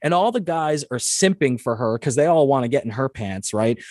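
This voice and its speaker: A man hosting a casual interview, telling stories in an animated way, acting out quotes and swearing freely. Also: mid-range voice, moderate pace, dry recording, studio quality. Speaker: host.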